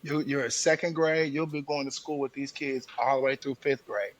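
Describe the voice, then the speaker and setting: A man's voice: medium pitch, normal speed, dull audio. A man co-hosting a podcast, telling a parenting story in casual chat and acting out the quotes while he laughs. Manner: animated, laughing storyteller who acts out quotes. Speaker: podcast co-host.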